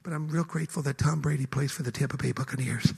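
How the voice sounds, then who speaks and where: A man preaching a passionate sermon to a room full of people, swinging between shouted declarations and hushed, intimate lines. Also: medium pitch, steady tone, quick pace, gravelly, husky. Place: hall with a live audience.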